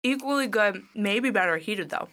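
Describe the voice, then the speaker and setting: A woman co-hosting a casual chat, telling stories in a chatty, animated way while she eats. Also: medium pitch, normal speed, noisy background. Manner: chatty, animated storytelling with laughs.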